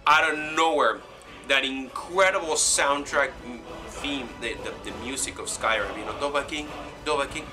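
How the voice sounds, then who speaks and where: A young man giving a rambling, excited review of a video game, acting out his own reactions and saying "man" a lot. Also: mid-range voice, moderate pace, music in the background.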